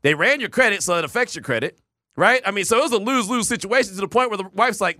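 A man hosting a sports talk radio show, telling stories in a casual, animated way and acting out the people he quotes. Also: sits high, rapid-fire, no echo, studio quality. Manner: animated storyteller, shouts quoted voices.

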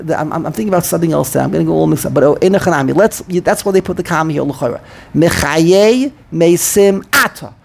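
A man's voice: high-pitched, creaky, darkish tone. A man teaching a Hebrew pronunciation lesson, often repeating himself and drawing out chanted example phrases. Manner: repeats words, self-correcting, drawn-out chanted pronunciations. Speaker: Torah teacher.

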